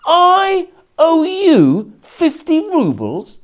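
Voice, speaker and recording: A man puts on a wily older rabbi who stretches his words out in high, sing-song indignation. His voice swoops widely as he plays innocent. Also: big pitch swings, creaky, exaggerated voice. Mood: mock indignant. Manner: exaggerated, drawn-out mock indignation.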